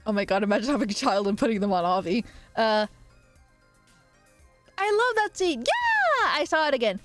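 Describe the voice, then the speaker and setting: Playful, higher-voiced woman streamer. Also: big pitch swings, fairly bright tone, faint music behind. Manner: playful, teasing, quick asides and frequent laughter. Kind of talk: casual live-stream chat reading viewer comments.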